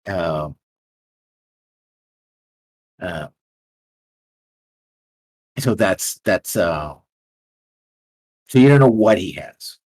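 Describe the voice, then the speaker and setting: A man narrating as game master of a tabletop game, describing scenes in a halting, rambling way. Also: deep voice, animated, darkish tone.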